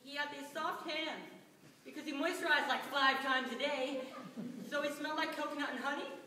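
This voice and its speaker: A vain, sassy ventriloquist's puppet pours out its woes, played by a teenage girl on stage. The voice is high and bright, with sarcastic, melodramatic storytelling. It rings through a long-reverb school hall, picked up from far off. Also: steady tone, normal speed, a little hiss or hum. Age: teens. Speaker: student performer. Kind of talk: stage monologue performance. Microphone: distant room mic.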